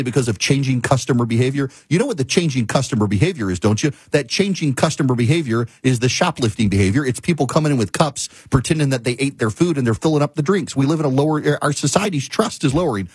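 A talk show host, a man with a husky, slightly breathy voice, rants in an emphatic, exasperated way and hammers his points home by repeating them. His pitch sits in an ordinary middle range, and the sound is close and dry with no room echo. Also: fast talker, few pauses. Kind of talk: casual monologue, ranting storytelling.

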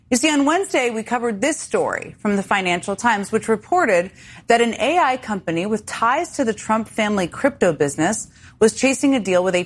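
A woman hosting a news show, delivering pointed, wry commentary. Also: mid-range voice. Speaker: news host.

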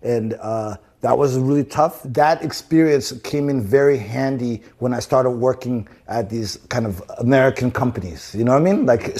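Interview guest, male, from Zimbabwe. Halting, restarts a lot, casual delivery. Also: medium pitch, a little mellow. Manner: halting, repeats words and restarts often.

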